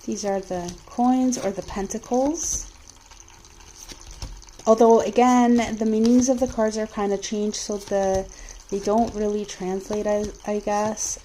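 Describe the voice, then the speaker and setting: A woman talks casually through a review of a tarot deck, with frequent ums and restarts. Her pitch sits in a middle range. Faint room noise runs under her voice. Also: steady tone, slow pace, dark tone, low-quality recording. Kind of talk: casual product review while shuffling cards.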